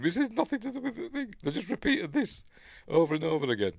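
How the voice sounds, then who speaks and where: A man's voice: a little high, huge pitch swings, normal speed, creaky, no room sound, clean studio sound. A middle-aged man with a Yorkshire accent hosts a casual film breakdown, rambling and muttering asides to himself as he wonders aloud. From Yorkshire, England. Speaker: film review host.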